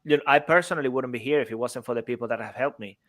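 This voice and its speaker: A man's voice: medium pitch, rapid-fire, a bit bright. A man co-hosting a podcast, playful and jokey, praising his guest. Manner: jokey, playful, laughs easily. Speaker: podcast co-host. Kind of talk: podcast interview.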